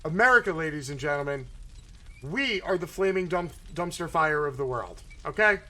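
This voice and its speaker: A man's voice: a little high, expressive, moderate pace, pushed and bright. A man hosting political commentary, ranting in a sarcastic, mocking way and swearing freely.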